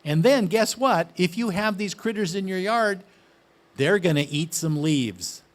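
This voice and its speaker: A man leads a gardening lesson. His voice sits a little high, and he talks in a chatty, excited way. He keeps turning questions back to his audience. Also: a little slow. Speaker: gardening speaker. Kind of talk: casual outdoor garden talk.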